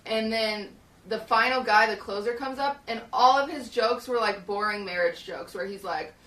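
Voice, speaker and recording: Speaking at normal speed in a slightly high, fairly bright voice, a young streamer casually retells a story, wandering off track and leaning on fillers. The setting is a cramped, hot shed serving as a podcast studio, picked up by a far-off mic that gives a roomy sound.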